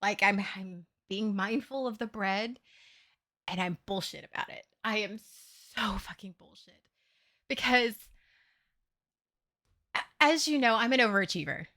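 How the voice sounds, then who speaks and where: A woman streamer talking candidly to her viewers in a casual livestream chat, swearing freely and getting animated as she tells her story. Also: mid-range voice, unhurried, pauses often.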